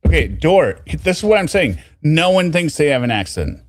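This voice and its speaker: A man's voice: on the high side, very animated, normal speed, no echo, studio quality. A man from the US West Coast hosting a stream, arguing playfully and laughing. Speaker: stream host. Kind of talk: casual chat on a stream.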